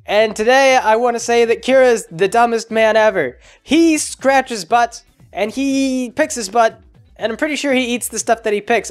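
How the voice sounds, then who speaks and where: A man's voice: very high-pitched, pitched above the performer's own voice. A man voicing a smug, eccentric young male detective in a silly, mocking tone.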